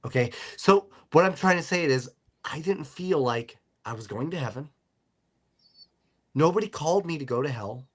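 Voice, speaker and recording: A man's voice: a little high, expressive, normal speed. A middle-aged man hosting a podcast, telling rambling stories in casual chat with a joking manner. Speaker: podcast host.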